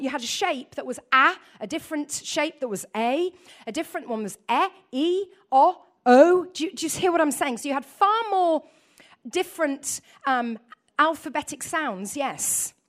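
Animated, high-voiced woman preaching. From north of England. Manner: animated, asks the audience questions, chatty asides. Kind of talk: lively sermon to a congregation.

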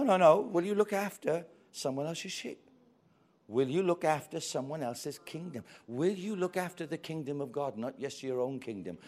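A man preaching a sermon, telling a story with great animation and acting out its characters' voices. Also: mid-range voice. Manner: animated storytelling, acting out voices with big swings from quiet to loud.

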